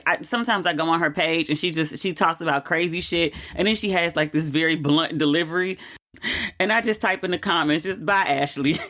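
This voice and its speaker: On her podcast, a woman delivers a casual, chatty monologue in a lowish voice at a slightly fast pace. Candid and quick to toss in "like" asides, she becomes animated and emotional while discussing personal news.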